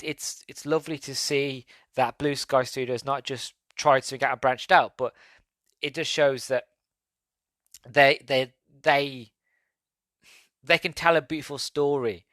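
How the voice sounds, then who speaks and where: A man's voice: fairly high pitch, a bit bright, no room sound. A man hosting a podcast, giving a casual movie review in a rambling way, with frequent restarts and fillers. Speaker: podcast host. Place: home.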